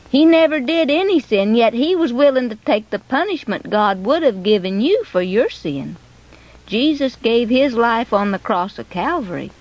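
A woman voicing an earnest, caring father who speaks quietly but firmly and preaches to his son. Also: on the high side, muffled recording.

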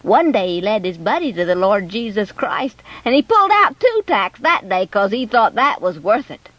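Animated woman reading a children's story. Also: mid-range voice, moderate pace, no room sound, dull audio. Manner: expressive, animated. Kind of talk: scripted children's story narration.

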